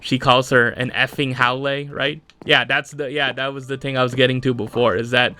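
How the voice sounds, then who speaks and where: Podcast host, man, bright and forceful voice, loose rambling solo chat full of fillers. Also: mid-range voice, level tone, moderate pace. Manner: rambling, many fillers, frequent laughs.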